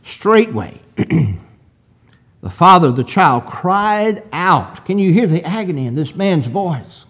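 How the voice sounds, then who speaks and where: A man delivers a sermon at an unhurried pace, his voice sitting a little high for a man. He reads scripture in old-fashioned wording, then swings between hushed, low asides and emphatic peaks. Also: very animated, breathy edge. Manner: slow, deliberate preaching with rhetorical questions and swells of emphasis. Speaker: preacher.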